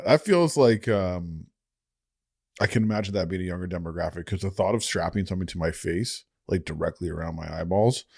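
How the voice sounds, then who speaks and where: A man's voice: low-pitched, vocal fry, a little mellow, breathy edge, no room sound, studio quality. A man in his thirties, podcast co-host, chatting in a laid-back, teasing way and laughing often. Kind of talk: casual chat.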